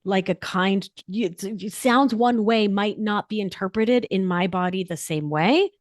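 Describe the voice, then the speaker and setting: Woman podcast guest, lively and emphatic, slangy, mid pitch, dry close audio. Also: measured pace, no room sound. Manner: animated, emphatic, casual slang. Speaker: guest, nurse practitioner and author. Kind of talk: podcast interview talk.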